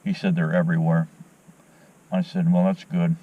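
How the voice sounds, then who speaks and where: A man with a fairly low voice rambles through a story, stumbling over and repeating words as he talks. He is outdoors at a fishing spot at first light, a little way off from the camera mic. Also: little pitch movement, moderate pace, warm tone, highs cut off. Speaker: outdoors vlogger. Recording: voice a bit distant from the mic.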